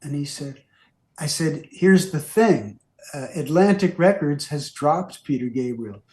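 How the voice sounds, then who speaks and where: A man's voice: a little high, unhurried, darkish tone. Older man telling rambling stories. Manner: rambling, filler-heavy, acts out quoted voices. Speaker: interview guest, former record executive. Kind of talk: anecdotal storytelling. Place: radio studio. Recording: roomy studio echo.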